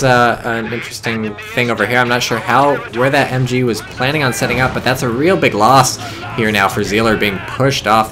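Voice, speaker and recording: A man's voice: medium pitch, noisy background. A man casually commentating a strategy game, chatty and rambling with joking asides. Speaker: game caster.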